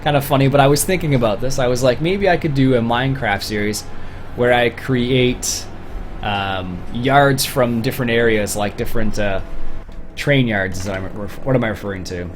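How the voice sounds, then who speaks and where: A man's voice: mid-range voice, moderate pace, slight background noise. A young Canadian man from Ontario chatting casually through a livestream, rambling with fillers and restarts. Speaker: streamer.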